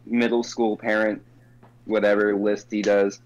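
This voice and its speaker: A man's voice: lowish voice, little pitch movement, a little slow, dull audio, soft background music. A man chatting casually as a podcast guest, gossiping and mocking. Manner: gossipy, mocking, slips into impressions. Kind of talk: casual chat.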